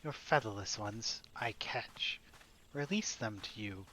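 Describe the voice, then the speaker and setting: A man's voice: on the low side, slow, bright, forceful tone, slight background noise. A man voicing a sly, cringing male birdman scout who speaks with backwards word order. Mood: wheedling.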